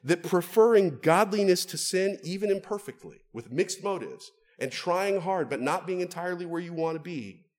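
A man preaching a sermon, moving between quiet, low asides and raised, stressed phrases for emphasis. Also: lively intonation, moderate pace, few pauses.

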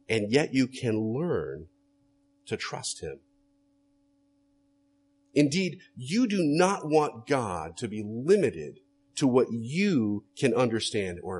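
Male pastor, husky, lively intonation; earnest sermon with rhetorical questions. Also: medium pitch.

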